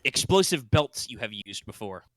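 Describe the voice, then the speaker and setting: A man running a tabletop game as game master, talking in an animated, casual way. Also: medium pitch, moderate pace, no echo.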